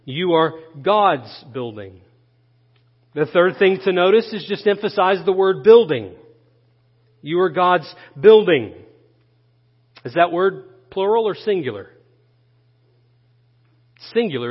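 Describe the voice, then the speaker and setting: A pastor from Florida preaching a sermon, emphatic and repetitive, asking his listeners questions as he goes. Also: high-pitched. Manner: emphatic preaching, repeating key phrases and asking the room questions. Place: church sanctuary. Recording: dull church recording with long hall reverb.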